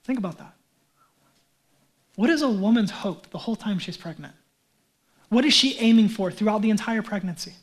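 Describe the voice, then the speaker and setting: A male pastor giving a sermon in a conversational, animated way, with casual asides. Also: high voice, normal speed, long pauses.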